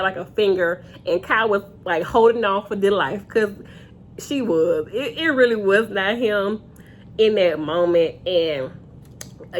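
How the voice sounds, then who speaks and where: A woman's voice: medium pitch, slight background noise. A young woman giving a casual, opinionated reality TV recap straight to her viewers on a phone camera. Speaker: reality TV reviewer.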